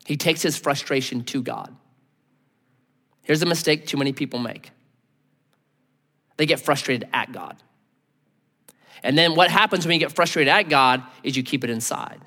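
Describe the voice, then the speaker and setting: A male pastor preaching a sermon in a lively manner, acting out the people he quotes. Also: a little high, normal speed, pauses often, in a large hall. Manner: animated, acts out voices in quotes.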